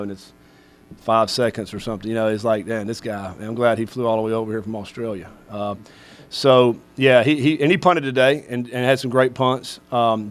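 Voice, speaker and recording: A man's voice: mid-range voice, clear, resonant tone. A middle-aged man, a head football coach, answering questions at a press conference in a rambling way full of fillers.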